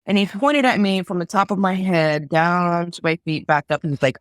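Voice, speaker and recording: A woman's voice: on the low side, normal speed, hardly any pauses, dry recording. Guest: woman conductor, middle-aged, emphatic storyteller, stammers when moved, dry close sound. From Los Angeles. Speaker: podcast guest, orchestra conductor. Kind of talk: casual interview storytelling.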